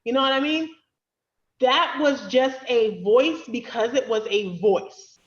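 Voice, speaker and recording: A woman's voice: fairly high pitch, unhurried. A woman on a casual panel chat, thinking her ideas through aloud. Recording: echoey lo-fi call audio.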